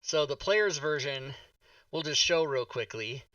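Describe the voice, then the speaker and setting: Bright, slightly high male host, casual and jokey, heard a bit off-mic. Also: lively intonation, no room sound, recorded from a distance, muffled recording. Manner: jokey, rambling, quick asides. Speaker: talk show host. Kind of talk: casual streamed chat.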